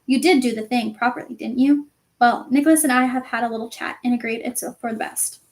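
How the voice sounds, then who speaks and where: A woman reading aloud and voicing a kindly old male headmaster who speaks calmly with gentle, dry humour. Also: fairly high pitch, fairly quick, close to an everyday voice.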